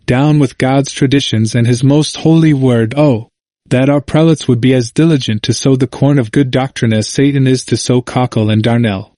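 A man reading the part of a zealous reformer preacher who speaks with emphatic, sharp irony. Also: medium pitch, fairly even intonation, moderate pace, no echo, clean studio sound, natural voice. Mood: preaching, ironic.

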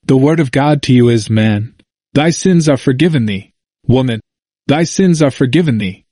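A man's voice: mid-range voice, expressive, moderate pace, mellow, dry recording, studio quality. A man reading a sermon aloud, earnest and emphatic, pressing the listener with rhetorical questions. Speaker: sermon reader.

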